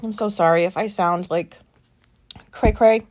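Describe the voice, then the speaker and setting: A woman's voice: medium pitch, steady tone, a little slow, a little mellow. Woman, late thirties, solo podcast host. Anxious, frustrated, rambling and profane. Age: late 30s. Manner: rambling, profane venting with many fillers. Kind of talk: casual solo podcast monologue.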